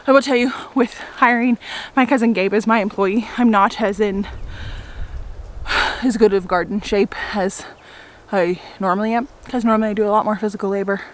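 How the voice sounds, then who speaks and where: In a casual outdoor vlog, a young woman who farms flowers and homesteads talks to the camera from her garden, cheerful and laughing a lot. She speaks in a mid-range voice with fairly even intonation at a moderate pace, a bit out of breath.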